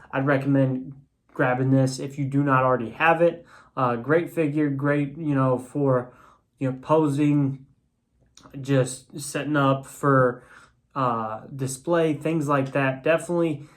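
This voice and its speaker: A man casually reviewing an action figure on camera, talking loosely with lots of fillers and restarts. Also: medium pitch. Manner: rambling, many fillers and restarts. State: has the hiccups. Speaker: toy reviewer.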